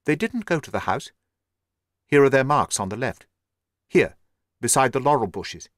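A man reading aloud voices a quick, clear-spoken detective who gives urgent commands. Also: mid-range voice, animated, no room sound, studio quality, lightly acted. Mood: brisk.

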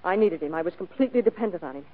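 A woman's voice: lowish voice, expressive, very fast. An actress playing a scheming young woman who pleads dramatically for help in a vintage radio drama. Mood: pleading. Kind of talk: 1940s radio acting. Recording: tinny old radio broadcast recording.

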